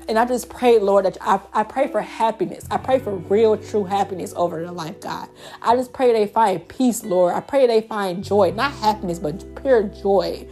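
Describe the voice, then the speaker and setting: A tearful young woman speaks from the heart in an earnest, repetitive prayer, calling out to God and Lord line after line. Faint music plays softly behind her. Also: medium pitch. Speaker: faith vlogger. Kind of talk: personal testimony and spoken prayer.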